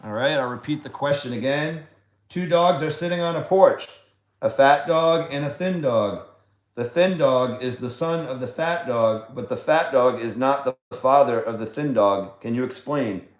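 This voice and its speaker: A man's voice: mid-range voice, normal speed. A man hosting a casual trivia livestream from home, chatty, fond and coaxing as he talks. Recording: echoey room.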